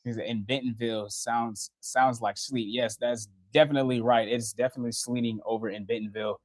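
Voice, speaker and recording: A man's voice: medium pitch, steady tone, a little fast. A young man giving a casual live-stream weather update from a TV studio, chatty and laughing often as he works the radar. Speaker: TV meteorologist. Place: TV station studio.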